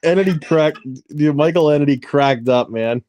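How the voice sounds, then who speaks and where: A man's voice: on the high side, moderate pace, background noise. A man hosting a casual online hangout, talking on a headset mic, giggling and repeating himself as he rambles. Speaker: host. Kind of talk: casual chat.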